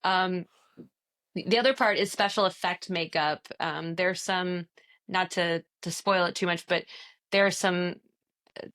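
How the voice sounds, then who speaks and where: A woman's voice: on the low side, steady tone, a little slow, long pauses, fairly bright tone. A woman from the Midwest, chatting as an interview guest, laughing often and acting out quotes. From American Midwest. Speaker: stage actor, interview guest. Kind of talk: casual interview chat.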